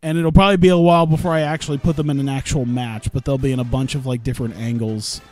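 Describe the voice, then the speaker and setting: A man's voice: mid-range voice, steady tone, quick pace, a little mellow, no echo, faint music behind. A man casually commenting on his own gameplay as a streamer, rambling and cutting himself off, laughing at his own jokes. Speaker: gaming streamer.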